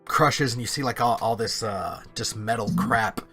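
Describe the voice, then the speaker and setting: A man runs a tabletop game in a bright, forceful voice, rambling through his narration with plenty of uhs and likes. Faint music plays behind him. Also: lowish voice, moderate pace. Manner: rambling, many fillers. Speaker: game master.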